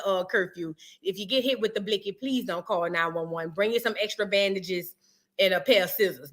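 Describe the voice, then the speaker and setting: A woman hosting a live reaction stream, joking and animated in heavy slang. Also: high-pitched. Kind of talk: casual live-stream commentary.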